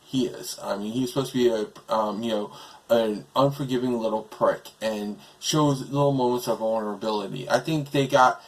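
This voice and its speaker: A man's voice: mid-range voice, normal speed, low-quality recording. Casual male reviewer, rambling delivery with lots of fillers, voice cracking. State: voice breaking.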